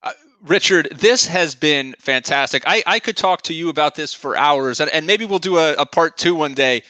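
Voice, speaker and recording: A man hosting an interview podcast, thanking his guest in a halting way with many repeated words. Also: fairly high pitch, expressive, bright, forceful tone, no echo. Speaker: podcast host. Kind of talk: interview wrap-up.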